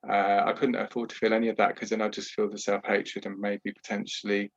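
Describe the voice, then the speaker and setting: A man, a podcast guest who talks candidly and at a measured pace about his own past, often adding "you know". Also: lowish voice, monotone, dull audio. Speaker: podcast guest, trauma healer. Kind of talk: reflective personal storytelling.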